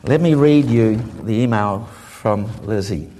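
A man preaching, telling a humorous story and acting out the people in it in a lively way. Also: on the low side, a little slow. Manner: lively, humorous, acts out the people in his stories. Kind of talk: sermon storytelling.

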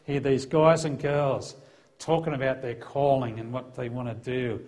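A man's voice: mid-range voice, fairly even intonation, unhurried, darkish tone. Man telling a story to an audience. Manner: conversational storyteller who acts out the dialogue, lifting his voice for quotes. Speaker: former police officer giving a testimony. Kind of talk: personal testimony told to a live audience.

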